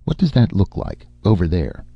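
Rumbling, gravelly barbarian warlord voiced by a male narrator, gruff but kindly; dull lo-fi audiobook sound. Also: huge pitch swings, normal speed, no echo, full character voice. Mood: gently gruff. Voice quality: deep rumbling voice. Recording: dull lo-fi recording.

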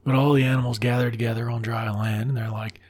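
Podcast host, male, husky timbre, loose profane storytelling with side comments. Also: mid-range voice, flat delivery, quick pace, darkish tone. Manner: irreverent, swears freely, drops asides. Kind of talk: casual profane story retelling.

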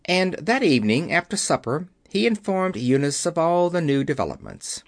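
A man reads a novel aloud at a steady storytelling pace. His pitch moves a lot through each sentence. The recording is dry and close, with no room sound. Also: normal speed, few pauses, no echo. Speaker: audiobook reader. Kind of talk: scripted narration.

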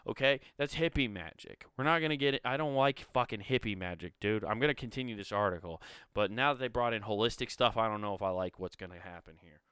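A man's voice: lowish voice, a bit bright, clear, resonant tone, dry recording, studio quality. A man casually reading an article aloud and breaking off to ramble, swear and make sarcastic asides. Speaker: video host.

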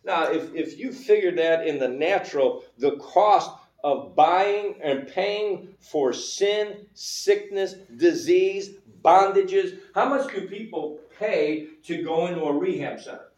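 Preaching slowly but with hardly any pauses, a high-pitched male pastor asks his congregation questions in a conversational sermon. His tone is darkish, and a distant mic records him in a roomy church sanctuary.

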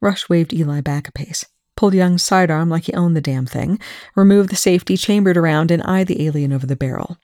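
A fan fiction audiobook narrator with a mid-pitched voice, reading in an even, measured way. The recording is dry and close. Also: dry recording. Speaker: audiobook reader.

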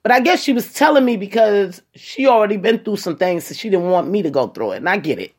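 A woman telling a personal story to her viewers in a casual, animated way, talking straight to them and acting out what people said. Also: mid-range voice, fast, husky. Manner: animated, acts out quoted voices; colloquial, addresses listeners as y'all.

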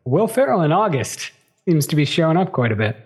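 Husky man chatting movie trivia. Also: fairly high pitch, very animated, a little fast. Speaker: podcast co-host. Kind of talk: casual chat, movie trivia game.

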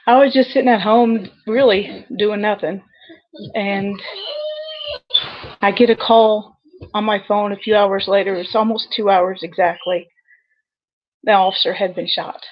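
A woman dispatcher telling a personal story over a video call, earnest and halting with many pauses. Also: mid-range voice, fairly even intonation, lo-fi sound. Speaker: 911 dispatcher guest.

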